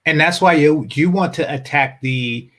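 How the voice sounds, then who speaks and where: Man, host, casual chat, joking, bright, slightly high. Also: normal speed. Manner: joking, laughs often.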